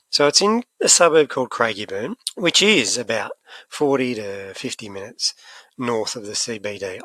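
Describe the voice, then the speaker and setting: An Australian man co-hosting a podcast in casual, animated chat. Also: medium pitch, no room sound. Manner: chatty, animated, laughs easily. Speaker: podcast co-host.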